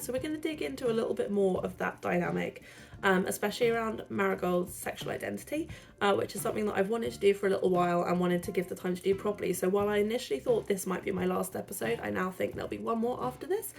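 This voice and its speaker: A woman with a hoarse, croaky voice from being unwell, chatting casually as she narrates her gameplay. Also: medium pitch, fast talker. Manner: chatty, rambling with fillers. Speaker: let's-play host.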